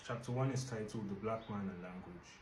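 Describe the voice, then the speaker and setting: A man from Nigeria gives a spoken book review, explaining in a measured, reflective way. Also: lowish voice. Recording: echoey room with faint noise.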